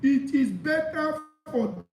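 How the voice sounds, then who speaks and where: A man preaching a sermon, reading scripture aloud and explaining it with animated emphasis. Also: very high-pitched, takes it slowly, far from the mic, slight background noise. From Nigeria. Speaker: pastor. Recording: echoey room.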